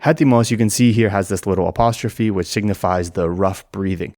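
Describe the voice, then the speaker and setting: A man with a low, deep voice narrates an educational explainer. He talks in a clear, methodical way. The sound is close and dry. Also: brisk, darkish tone, dry recording. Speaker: language explainer.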